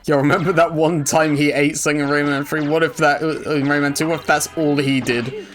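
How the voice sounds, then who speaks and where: A man's voice: on the high side, little pitch movement, a little fast, a bit bright. A man chatting casually with a friend during a game stream, jokey and teasing, swearing now and then. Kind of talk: casual chat over gameplay. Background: game music.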